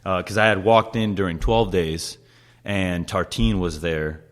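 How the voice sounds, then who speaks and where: A young man hosting a casual chat, telling animated stories and swearing often as he acts out quotes. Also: low voice, unhurried. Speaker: podcast host, chef.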